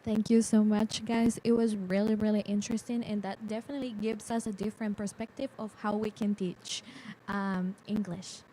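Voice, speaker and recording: A woman's voice: medium pitch, fairly even intonation, normal speed, dark tone, a little hiss or hum, rough recording. Woman interviewer wrapping up politely. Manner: polite and appreciative. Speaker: interviewer, congress organizer. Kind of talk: closing an interview.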